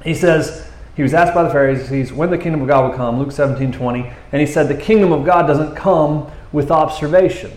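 A man preaching a conversational sermon, reading scripture and breaking into animated, joking asides. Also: fairly high pitch, echoey room.

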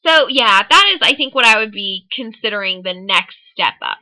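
Very bright-voiced young woman co-host. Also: medium pitch, expressive, moderate pace. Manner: teasing, hesitant, lots of "like". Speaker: podcast co-host. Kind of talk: casual chat. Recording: poor sound quality.

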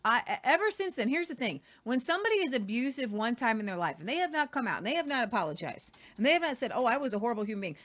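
A woman's voice: on the high side, big pitch swings, quick pace, hardly any pauses, a bit bright. A woman around forty co-hosting a news talk show, speaking in an emphatic, insistent way. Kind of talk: casual chat, ranting commentary.

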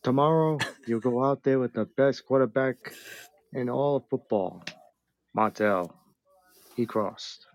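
A man doing an impression of a movie star playing a coach, delivered in halting pieces. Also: mid-range voice, no room sound, lo-fi sound, natural voice. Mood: solemn. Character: a movie star's laid-back coach voice, adult man.

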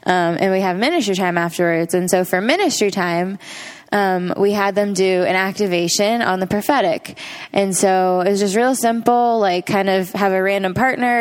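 A woman recounting a mission trip to a church gathering in a relaxed, even way. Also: on the low side, clear, resonant tone. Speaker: mission trip team member. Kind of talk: casual testimony to a church gathering.

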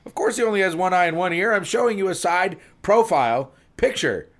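A man's voice: sits high, animated, extremely slow, darkish tone, pitched above the performer's own voice, full character voice. A man playing an angry police interviewer in a joke, with a guttural voice from the side of his mouth. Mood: exasperated.

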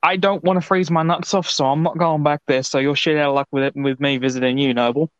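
An Australian man co-hosts a podcast, chatting casually and rambling through animated stories. His voice is fairly high and quick-paced. The dry recording has dull, lo-fi podcast audio.

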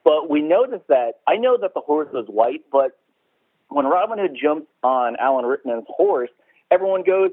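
A man's voice: fairly high pitch, animated, normal speed, husky, no room sound. A man hosting a podcast in casual chat, swearing freely, laughing often and acting out quotes. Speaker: podcast host. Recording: tinny phone-like sound.

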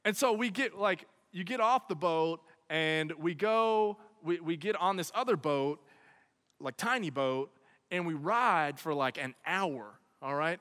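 A young man with a high, bright voice tells an animated comic story to an audience. He keeps pausing to check in with his listeners. His voice echoes through a large hall with a long reverb.

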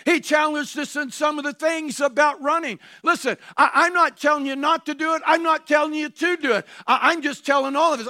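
A male pastor preaching a sermon to his congregation, full of rhetorical questions and bursts of shouting. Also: very high voice, fairly even intonation, brisk, hardly any pauses, dry recording, clean studio sound. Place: church sanctuary before a congregation.

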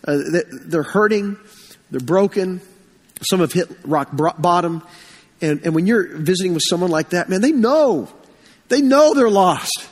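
A high-pitched male pastor delivers an earnest sermon, weaving stories and repeating key phrases. His voice is husky after a week of illness, and it rings out with a long hall reverb. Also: expressive, normal speed.

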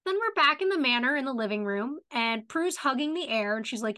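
A woman's voice: fairly high pitch, moderate pace, hardly any pauses, sharp tone. A young adult woman co-hosting a podcast, chatting loosely about a TV episode and quoting the characters as she retells the scenes. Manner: chatty, quotes characters with "she's like", many "like" fillers. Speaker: podcast co-host. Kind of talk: casual chat recapping a TV episode.

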